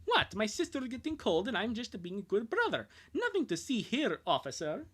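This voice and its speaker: A streamer voicing an excitable young cartoon boy during a live fan dub reading of a comic, with a jumpy, laughing delivery. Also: mid-range voice, normal speed, husky, voice pushed up. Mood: flustered, jokey. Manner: jumpy, laughing, brushing things off.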